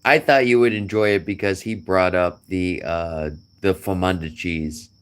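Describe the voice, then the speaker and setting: A man's voice: deep voice, fairly even intonation, measured pace, fairly bright tone, clean tone. A middle-aged man chatting casually to a friend, rambling and joking with chuckles. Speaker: vlogger.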